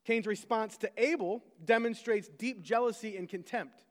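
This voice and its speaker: A man's voice: sits high, moderate pace, long reverb tail. A man, a pastor, preaching a sermon conversationally, with self-deprecating asides to the congregation.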